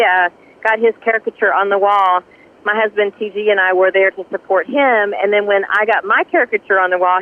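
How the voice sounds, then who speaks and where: A woman with a Southern US accent, a country singer telling stories in a casual interview, laughing often. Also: mid-range voice. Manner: lively storyteller, laughs often. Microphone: phone. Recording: tinny phone line.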